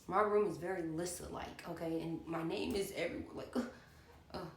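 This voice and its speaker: A young woman telling a personal story to her viewers in a chatty, animated way, turning to the audience again and again, recorded at home. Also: fairly low pitch, brisk, echoey room, a little hiss or hum. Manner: animated and chatty, keeps addressing the audience directly. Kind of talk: storytime vlog. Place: at home indoors.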